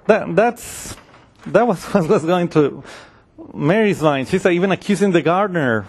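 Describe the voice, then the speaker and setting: A man's voice: high voice, expressive, measured pace, husky. A man preaching a sermon in a conversational way, acting out the voices of the people in his story.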